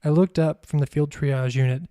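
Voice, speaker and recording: A man, a podcast host, reading his own memoir aloud in a measured, even storytelling manner. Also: on the high side, clean tone, no room sound, clean studio sound.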